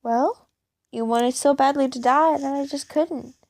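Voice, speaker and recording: A woman's voice: high voice, fairly even intonation, unhurried, darkish tone, no room sound. Jeff the Killer, a woman reading as a smirking teen killer. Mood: teasing. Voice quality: rough yet smooth voice. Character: smirking teenage male killer, teasing and calm.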